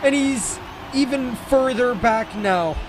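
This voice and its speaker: A man casting live esports play-by-play, excitable and jokey, often correcting himself mid-sentence. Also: very high-pitched, slow pace. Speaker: esports caster. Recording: game engine and car noise underneath. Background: racing game sounds.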